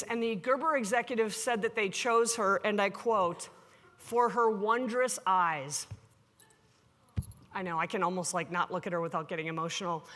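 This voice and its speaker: A woman delivers a conference keynote in a bright, forceful voice that sits a little high. She is animated and joking, and she acts out the people she quotes. Her voice rings through a large hall with a long reverb. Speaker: keynote speaker.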